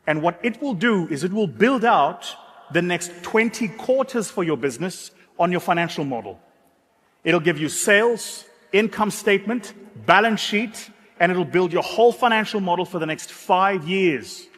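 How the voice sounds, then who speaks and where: A man's voice: high voice, moderate pace, husky. South African man telling a story onstage. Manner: animated, dramatic storyteller with self-mocking humor. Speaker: keynote speaker. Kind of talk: motivational keynote storytelling. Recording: echoey hall.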